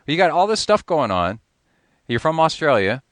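A man's voice: fairly high pitch, big pitch swings, moderate pace, no room sound, studio quality. A man hosting a podcast interview over a Skype call, chatty and joking, laughing often. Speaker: podcast host. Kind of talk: casual interview chat.

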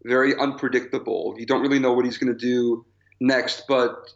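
A man's voice: mid-range voice, level tone, moderate pace, gravelly. A man co-hosting a podcast in casual chat, enthusiastic and laughing between phrases. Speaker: podcast co-host. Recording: slightly dull lo-fi mic.

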